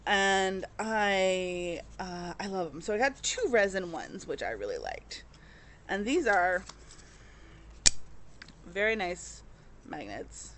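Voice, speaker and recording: A woman's voice: medium pitch, fairly bright tone, slight background noise. Rambling, emotional woman vlogger. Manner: rambling, many fillers and restarts, emotional. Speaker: cross-stitch vlogger. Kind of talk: casual chat to camera.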